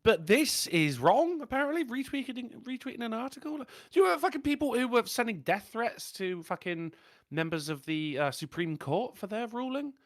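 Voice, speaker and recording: A man co-hosting a livestream, swearing freely and telling animated stories. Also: very high-pitched, moderate pace, dry recording, clean studio sound. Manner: animated, profane storyteller. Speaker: livestream co-host. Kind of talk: casual political livestream chat.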